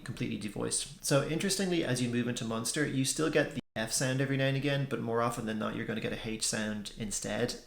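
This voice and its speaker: A young man, explaining a language point in a relaxed video lesson with plenty of ums. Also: medium pitch. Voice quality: gravelly. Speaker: language teacher. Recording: echoey room.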